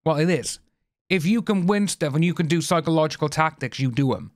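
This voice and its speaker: A man's voice: a little high, expressive, brisk, no room sound, clean studio sound. A man hosting a casual commentary, reading news aloud and adding opinionated, rambling asides. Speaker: channel host.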